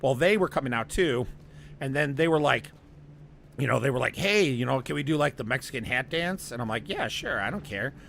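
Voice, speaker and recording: Man, gravelly voice, rambling casual storytelling, faint background noise. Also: mid-range voice, lively intonation, a little fast, fairly bright tone. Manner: rambling, laughs through his story.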